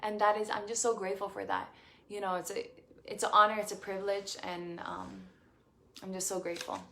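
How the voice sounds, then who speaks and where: A woman's voice: mid-range voice, animated, a little fast, creaky, sharp tone, a little hiss or hum. A young woman from Puerto Rico, a beauty queen answering fan questions in a casual live stream, effusive and grateful, with many fillers and restarts.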